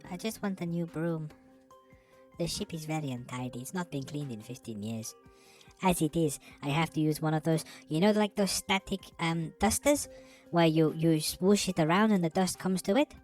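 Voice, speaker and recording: A woman's voice: low voice, normal speed, darkish tone, soft background music, lightly acted. A woman voicing a small, earnest, fussy ship cleaner in a tabletop role-play, rambling and chatty with formal phrasing.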